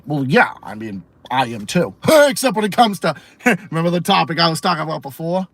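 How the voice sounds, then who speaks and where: A man's voice: on the high side, sing-song, brisk, a bit bright, no echo. A man from Massachusetts with a Massachusetts accent, hosting a livestream podcast and ranting bluntly with heavy swearing while answering chat. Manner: profane, blunt and opinionated. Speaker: podcast host.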